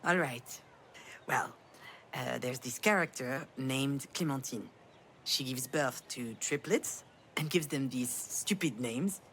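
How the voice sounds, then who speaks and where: An actress playing a weary middle-aged mother who tells a family memory softly and intimately in a video game. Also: very deep voice, takes it slowly, slight background noise, heavily acted. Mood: dry. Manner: soft, intimate storytelling. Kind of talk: game voice acting.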